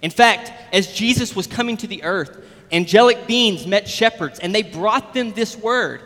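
Brief: male pastor, high bright voice, conversational sermon delivery, heard with long reverb in a church hall. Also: normal speed. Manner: conversational preaching with examples.

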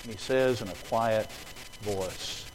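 A man preaching a sermon in a church auditorium, dropping to a hush for the story and then rising into loud, emphatic appeals. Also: lowish voice, slow pace, noisy background.

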